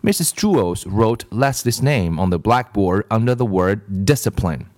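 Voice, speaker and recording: Male storybook reader; slow, animated delivery. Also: on the low side, dry recording, clean studio sound. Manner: slow, expressive read-aloud. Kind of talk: reading a children's book aloud.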